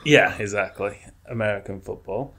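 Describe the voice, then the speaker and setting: A man co-hosting a podcast, telling relaxed stories in casual chat and acting out the quotes. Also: lowish voice, moderate pace, slightly rough. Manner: relaxed storyteller, acts out quotes. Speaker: podcast co-host.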